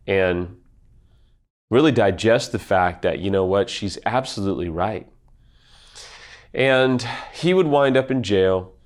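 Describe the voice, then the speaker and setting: A man speaking as an affair recovery expert in a video talk, earnest and emphatic, telling a personal story. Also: lowish voice.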